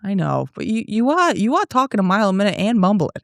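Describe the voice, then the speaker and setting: A woman's voice: mid-range voice, big pitch swings, fast talker, creaky, no echo, studio quality. A young woman from the Boston area with a Boston accent, hosting a solo podcast and rambling through stories while drinking beer. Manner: profane, rambling, tipsy storytelling with frequent restarts. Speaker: podcast host and comedian. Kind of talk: casual solo podcast rant.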